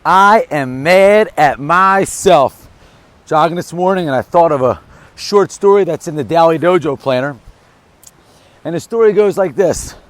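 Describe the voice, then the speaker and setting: A middle-aged man giving an energetic, emphatic motivational monologue, telling a short story in a casual vlog. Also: a little high, normal speed, no room sound. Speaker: motivational vlogger.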